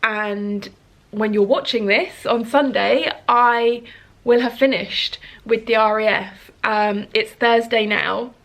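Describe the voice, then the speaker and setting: A woman's voice: a little high, steady tone, takes it slowly, a bit bright. A woman, chatting earnestly to camera at home as a vlogger. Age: 30s. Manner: earnest, chatty, rambling with fillers. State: emotional, sniffling. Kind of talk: casual chat to camera.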